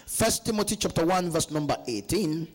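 A man preaching a sermon at a church conference, urging the congregation to answer him back and reading scripture slowly and deliberately. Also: on the high side, expressive, low-quality recording. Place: church conference, captured live.

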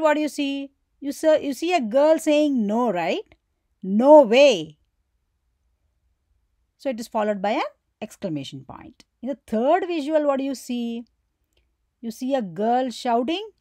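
A woman gives a grammar lesson in a high, animated voice, speaking slowly and posing questions that she then answers herself. She acts out the example exclamations as she goes. Her voice is recorded close and dry. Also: dry recording. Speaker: teacher.

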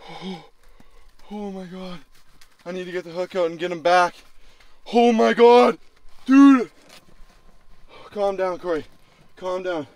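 A young man vlogging while ice fishing in a small flip-up shelter. He talks casually and swears freely, breaking into loud excited exclamations. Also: high-pitched, moderate pace, pauses often, no echo.

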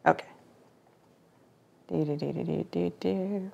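A woman's voice: on the low side, steady tone, normal speed, vocal fry, pauses often, slightly rough. A woman hosting a live painting stream, chatting casually with viewers, laughing often and greeting chat while she works. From Florida.

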